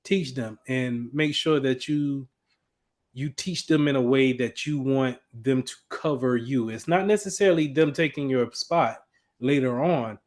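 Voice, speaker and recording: A man's voice: medium pitch, unhurried, a little mellow. A man teaching an IT class in a casual, conversational lecture, with frequent fillers and restarts as he explains. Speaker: IT instructor.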